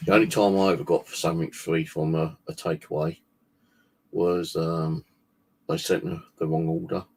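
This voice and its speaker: A man's voice: low-pitched, gravelly, breathy edge. A man casually rambling on a livestream, swearing freely and chatting loosely as the channel host.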